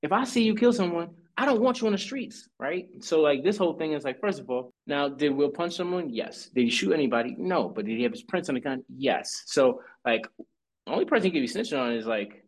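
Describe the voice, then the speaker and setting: A man co-hosting a casual podcast recap, telling the story with lively swings and quick acted-out lines. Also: fairly high pitch. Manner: animated storytelling, acting out lines in quick voices. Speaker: podcast co-host.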